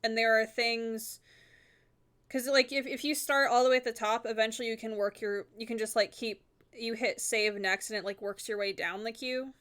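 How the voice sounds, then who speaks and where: A woman's voice: on the high side, steady tone, normal speed, a bit bright. A woman streaming a game, chatting casually and rambling with lots of filler words. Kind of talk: casual chat while gaming.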